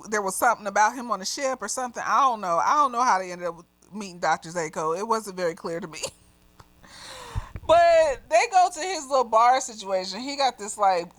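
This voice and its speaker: Tipsy woman doing a movie recap, kinda high voice, cusses and laughs a lot, dry room. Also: fairly bright tone, dry recording, poor audio. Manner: chatty and profane, laughs often, voice jumps up when exasperated. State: slightly tipsy. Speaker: movie reviewer.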